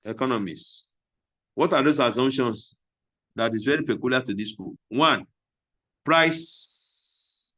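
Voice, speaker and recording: A man teaches a class and pauses on key terms. He repeats them slowly several times so students can take notes. His voice sits at an ordinary middle pitch, and he often poses a question before answering it himself. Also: bright, forceful tone. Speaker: lecturer. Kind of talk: classroom lecture.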